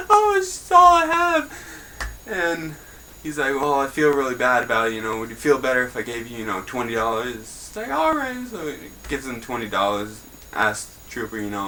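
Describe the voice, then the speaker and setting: Young male host, bright tone, offhand crude jokes, casual mock newscast. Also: fairly low pitch, slight background noise, low-quality recording. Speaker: host of a homemade news show.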